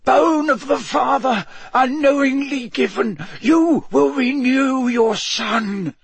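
A man plays a terrified male servant in an audiobook reading, his voice shaking and wheezy. He is pitched high above the narrator's own register and pushes the words out loudly. He has the sound of someone frightened out of his wits. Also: sing-song, measured pace, husky, no echo, heavily acted. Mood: fearful, trembling. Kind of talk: audiobook character voice.

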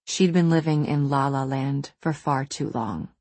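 Low, husky woman narrating a story. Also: measured pace, darkish tone, no room sound. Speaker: audiobook narrator. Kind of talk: scripted narration.

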